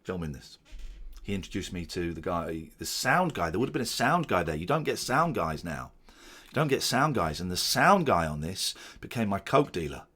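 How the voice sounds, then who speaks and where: A man chatting casually as host, commenting on his old show with excitable, animated asides. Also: deep voice, moderate pace, breathy edge. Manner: excitable, animated, jumping into quoted voices.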